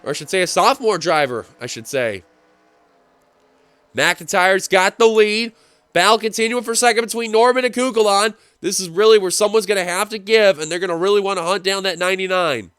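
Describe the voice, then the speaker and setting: A man giving play-by-play commentary on a simulated stock car race, getting excitable as the finish nears. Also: high-pitched, fairly quick, smooth, dry recording. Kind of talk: play-by-play sim racing commentary.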